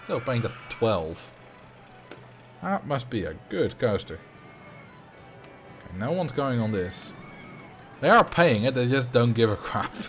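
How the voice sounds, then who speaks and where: A man talks casually over a live game stream, rambling along and answering his chat as he plays. He speaks into a desk microphone. Soft game music plays quietly behind his voice. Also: medium pitch, sing-song, a little slow, pauses often. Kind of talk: casual live gameplay commentary. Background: faint game music.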